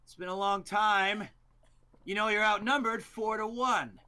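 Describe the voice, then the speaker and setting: A man voicing a cocky male hero who loudly taunts an old rival in a tabletop game. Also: high voice, fairly even intonation, unhurried, smooth, pitched above the performer's own voice, heavily acted. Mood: taunting. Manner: taunting, loud.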